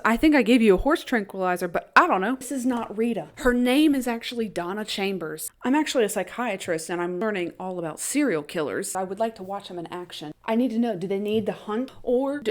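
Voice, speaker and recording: A woman casually recapping a TV series, animated, laughing often and acting out quoted lines. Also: mid-range voice.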